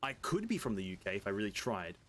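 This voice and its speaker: A man's voice: fairly low pitch, sing-song, fast, a bit bright. A young man with an Australian accent, chatting casually and rambling with viewers while he streams a game. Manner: laid-back, rambling, swears casually. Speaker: gaming streamer.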